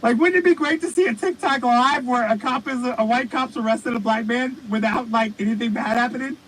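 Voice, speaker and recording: A man's voice: very high voice, a little fast, a little hiss or hum, low-quality recording. A man co-hosting a podcast, telling rambling, profane stories in casual comedic chat. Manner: rambling, profane, animated storytelling. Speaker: podcast co-host.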